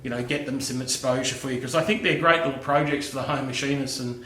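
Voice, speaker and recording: A man's voice: medium pitch, fairly even intonation, fast, a bit bright, reverberant, slight background noise. A middle-aged Australian man chatting casually to camera in his home workshop, friendly and matey, calling people "mate". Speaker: machining YouTuber.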